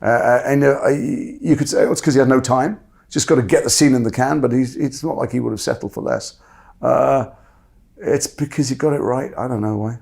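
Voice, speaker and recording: A man telling candid stories about his acting work in a fast, animated, self-interrupting way. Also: mid-range voice, gravelly. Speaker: actor guest. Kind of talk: candid conversational storytelling.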